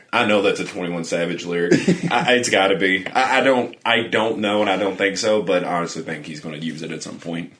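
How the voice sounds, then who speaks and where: A man's voice: low-pitched, normal speed, fairly bright tone. A young man co-hosting a podcast, chatting casually with crude jokes and frequent laughter. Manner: crude, joking, laughs often. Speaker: podcast co-host. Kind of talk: casual chat.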